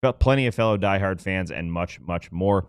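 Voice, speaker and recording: Casting note: low-voiced male podcast co-host, joking ad read, clean dry mic. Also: moderate pace, smooth, dry recording. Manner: loose, joking promo delivery. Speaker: podcast co-host reading ads. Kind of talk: casual podcast chat and ad read.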